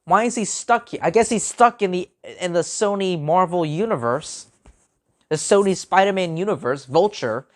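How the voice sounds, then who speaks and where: A man's voice: high-pitched, lively intonation, moderate pace. Agitated man ranting a film review. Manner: agitated, repeats himself, frequent restarts. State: angry. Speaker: movie reviewer.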